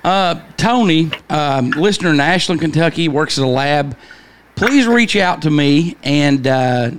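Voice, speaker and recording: A man's voice: on the high side, animated, measured pace, a little hiss or hum. A man hosting a podcast who speaks hesitantly, with many "uh" and "um" fillers. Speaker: podcast host. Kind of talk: casual chat.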